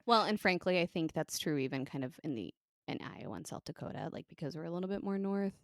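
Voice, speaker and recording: Chatty upper midwest american woman cohosting, lowish voice, dry close sound. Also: no echo. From United States. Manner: chatty, giggly, quick asides. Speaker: podcast co-host. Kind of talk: casual chat.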